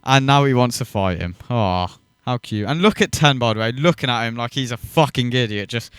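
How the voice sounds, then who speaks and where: A man's voice: mid-range voice, a little fast, clear, resonant tone, dry recording. A man hosting a reaction video, mocking and swearing as he rants in scornful commentary.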